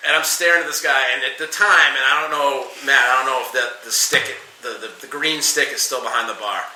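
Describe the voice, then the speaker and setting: A man on a podcast telling a wild bartending story, animated and profane, acting out every line he quotes. His voice is very bright and forward. The room sounds echoey. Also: mid-range voice, a little fast, slight background noise. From New England. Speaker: podcast guest. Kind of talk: casual storytelling.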